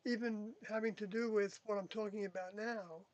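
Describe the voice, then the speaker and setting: A speaker in an unscripted reflective monologue, talking haltingly with many pauses and self-corrections as they look back on their time in a group. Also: mid-range voice, steady tone, darkish tone, no room sound, muffled recording. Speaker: former group member recounting experiences.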